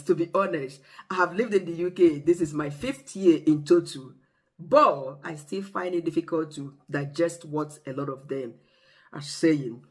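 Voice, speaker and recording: A vlogger with a Nigerian accent talks straight to camera in a relaxed, chatty way. The delivery is expressive and animated, with vivid storytelling. The voice sits at a middling pitch. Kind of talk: casual talk to camera.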